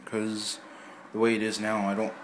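A man's voice: fairly low pitch, completely flat delivery, normal speed, noisy background. A man casually talking to camera in his home kitchen, rambling and hesitant, with lots of fillers. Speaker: vlogger. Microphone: camera microphone.

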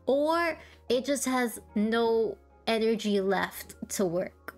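A woman streamer in a casual chat with her live chat, tired and with a sore throat, soft-spoken and laughing often. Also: on the high side, animated, very slow, faint music behind. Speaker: VTuber streamer.

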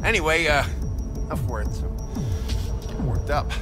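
An actor playing a gruff male shooting-range master who barks orders and rambles crudely with fillers, in video game dialogue. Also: a little high, sing-song, measured pace, over music. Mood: rambling.

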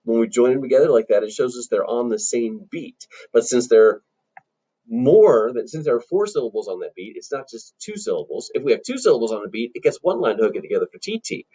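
This male music teacher sounds very animated and brisk, his mellow voice a bit rough, and the audio quality is poor. Teaching children in a recorded lesson, he stays friendly and encouraging, explains patiently, and breaks into short high-pitched sung phrases.

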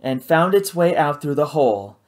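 A reader voicing an anxious young woman who calls out in a raised, high voice in an audiobook reading. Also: lively intonation, normal speed, darkish tone, close to an everyday voice. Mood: urgent. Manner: raised high pitched calling. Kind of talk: audiobook character voice.

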